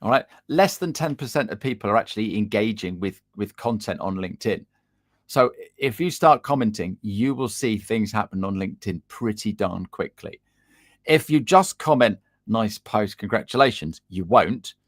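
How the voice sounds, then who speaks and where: A man coaching on a video call from a room at home, talking in a lively, animated way. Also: fairly low pitch, normal speed. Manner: lively, animated, acts out little dialogues. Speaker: LinkedIn coach, guest. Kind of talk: casual video-call chat. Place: home room with guitars on the wall.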